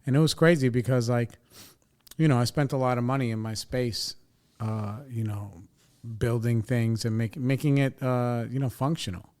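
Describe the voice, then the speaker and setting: A man hosting a podcast, telling a rambling story in a casual, profane, animated way. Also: medium pitch, normal speed. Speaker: podcast host.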